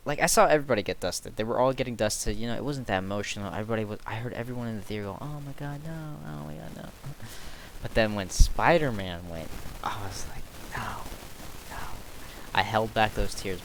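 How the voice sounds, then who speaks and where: A man's voice: lowish voice, noisy background. A young man telling stories casually on a late-night stream, rambling, correcting himself and chuckling at himself.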